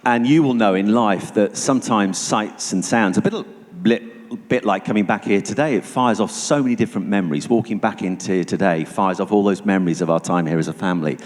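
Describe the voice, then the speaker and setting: A man giving a personal testimony to an audience as a guest speaker, telling it vividly and going hushed at tense moments. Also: on the low side, a little fast. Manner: vivid storytelling, dropping to hushed tones for tension. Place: church hall. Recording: long reverb of a church hall.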